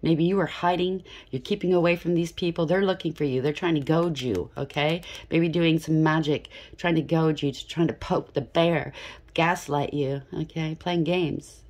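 A woman with a low, husky voice gives a casual tarot reading from a room at home. She talks in an emphatic stream of thought, often pausing to ask "okay?". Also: steady tone, a little mellow. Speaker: tarot reader. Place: home room with incense burner.

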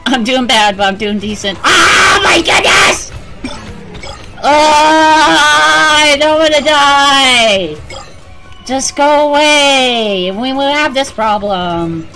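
A woman's voice: high-pitched, animated, slow, rough recording. A woman gamer commentating her horror game run, panicking, screaming and swearing a lot. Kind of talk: let's play commentary. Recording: game music playing loudly behind.

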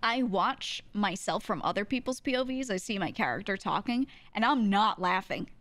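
A woman's voice: mid-range voice, lively intonation, normal speed, fairly bright tone, no echo. Laughing, chatty streamer woman. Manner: chatty, laughs often between sentences. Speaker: VTuber streamer. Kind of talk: casual stream chat, reacting to clips.

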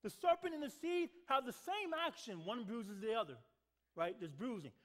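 A church pastor preaches a sermon in the sanctuary, calling to the congregation for responses and repeating words for emphasis. His voice is very high and animated, at normal speed.

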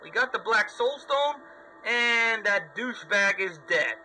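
A man's voice: high-pitched, expressive, a little slow, pushed and bright, low-quality recording. A man commentating his gameplay in a sweary, sarcastic running rant at the game. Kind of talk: let's play commentary.

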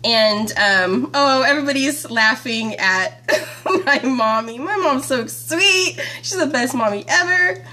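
Woman host of a live homeschool stream, high and lively voice, chatty and giggly, phone mic at home. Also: takes it slowly. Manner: chatty and bubbly, laughs often, reads out viewer comments. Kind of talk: casual live-stream chat. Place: at home, indoors.

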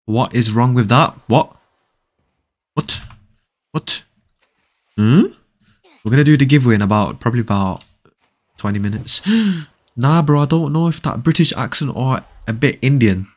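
Lively excitable male game streamer. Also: medium pitch, normal speed, long pauses. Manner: excitable, repeats phrases, reads chat aloud. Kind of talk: casual live-stream chat with viewers.

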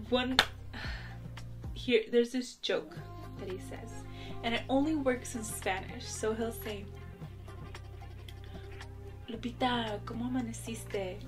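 A woman's voice: on the high side, very slow, pauses often. Giggly young woman ranting casually. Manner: laughs often, exaggerated mock retorts. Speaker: vlogger. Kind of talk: casual chatty rant to camera. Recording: soft background music.

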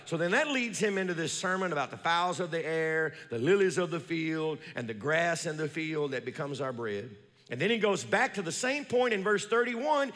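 A male pastor preaching a sermon, reading scripture slowly and calling on the congregation to read along, swinging between loud high emphasis and low quiet asides. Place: church sanctuary. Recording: long reverb of a large church.

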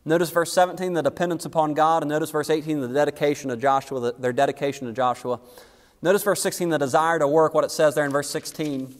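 High-voiced preaching man in a reverberant hall. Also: steady tone, fast. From United States. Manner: emphatic preaching that rises and falls, with folksy asides. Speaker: pastor. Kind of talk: sermon. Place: church sanctuary.

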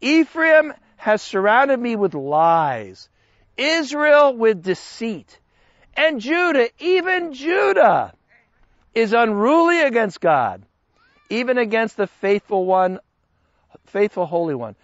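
Guy teaching a bible class, high voice, kinda muffled lo-fi sound, lively and chatty. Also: takes it slowly, no room sound. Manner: animated, conversational, jokes with the class. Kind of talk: Bible study lecture.

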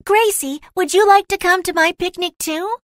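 A woman's voice: moderate pace, a bit bright, no echo, clean studio sound. A woman reading a storybook, voicing a proud, spoiled young schoolgirl who takes offense easily. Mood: sweet. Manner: shrill, petulant.

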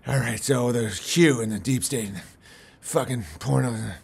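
A man hosts a casual nighttime livestream outdoors on his farm, rambling, swearing, and laughing often as he jokes about being spooked. His mid-range voice is creaky and husky, at normal speed.

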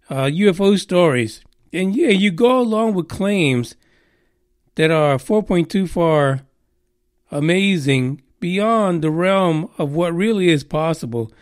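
Guy with a high voice doing a sarcastic sweary podcast rant, lots of uhs, dry close sound. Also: no echo. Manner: profane, sarcastic, rambling with many fillers. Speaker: podcast host. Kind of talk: casual podcast monologue.

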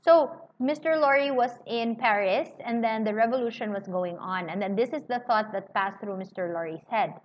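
A woman reading a novel aloud and pausing to paraphrase it in casual asides. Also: fairly high pitch. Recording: slightly muffled with faint hiss.

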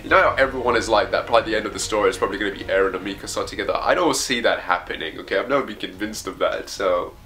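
Low-voiced man chatting through a comic read. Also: rapid-fire, few pauses, pushed and bright, faint music behind. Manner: chatty, enthusiastic, with hesitations. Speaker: reaction video host reading a comic aloud. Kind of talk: casual live reading and commentary.

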